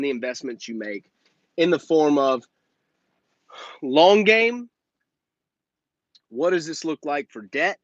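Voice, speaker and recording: Male business vlogger, somewhat high voice, blunt and profane, acts out dialogue in quick voices; slightly muffled lo-fi sound. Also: no echo. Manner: blunt and profane, peppered with "okay?" and "right?". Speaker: softwash business owner and channel host. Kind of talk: casual business advice talk.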